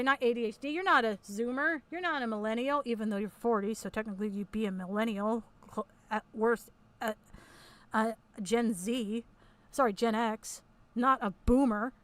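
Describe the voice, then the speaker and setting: In a high-pitched voice, a woman hosts a commentary video, talking over a recorded call. She's mocking and sarcastic and swears a lot.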